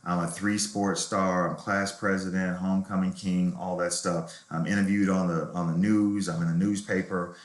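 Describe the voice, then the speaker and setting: A man's voice: low-pitched, level tone, normal speed, few pauses. A middle-aged man, a novelist, telling his life story in a reflective, candid way during an interview. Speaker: novelist guest. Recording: roomy echo.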